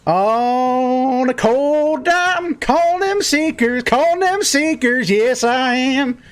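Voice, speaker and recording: A man voicing a drunk man with a moonshine jug, whooping and singing loudly in a rowdy way. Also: sits high, sing-song, takes it slowly, vocal fry, voice pushed up, exaggerated voice. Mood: drunken singing. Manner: whooping, sing-song and rowdy.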